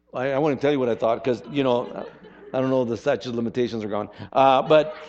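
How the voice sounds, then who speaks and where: A man preaching a sermon as pastor, conversational and animated, with rhetorical questions and calls for an amen. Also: mid-range voice, dull audio.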